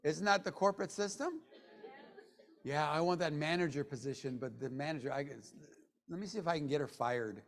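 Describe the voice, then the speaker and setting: A man giving a motivational sales training talk to a room of people, joking, and swinging between low mutters and loud bursts. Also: a little fast. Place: meeting room with an audience. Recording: long hall reverb.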